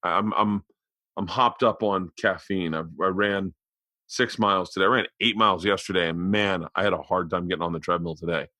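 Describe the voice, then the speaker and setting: A man in his forties hosting a podcast, telling a rambling, profane story in a loose, animated way. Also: deep voice, normal speed, dry recording. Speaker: podcast host. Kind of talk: casual storytelling monologue. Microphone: studio podcast mic.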